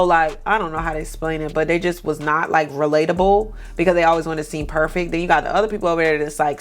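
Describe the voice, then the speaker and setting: A woman vlogging at home with a desk mic, chatting sassily and animatedly while doing her makeup, swearing freely. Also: low voice. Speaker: beauty vlogger. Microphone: first-time desk mic.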